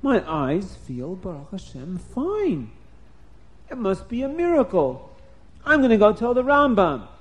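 Man doing a wailing, high-pitched poor man. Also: big pitch swings, a little slow, dark tone. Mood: joyful. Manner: wailing, sing-song complaint. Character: poor grieving man with aching eyes.

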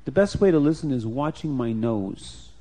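A man's voice: mid-range voice, lively intonation, moderate pace, dark tone. A man telling a story to children, speaking directly to his young listeners with playful rhyming asides.

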